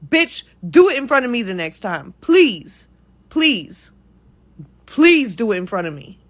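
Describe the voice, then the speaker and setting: A woman's voice: on the high side, sing-song, fairly quick. A woman in a reaction video, ranting with heated exasperation and plenty of profanity. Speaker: content creator.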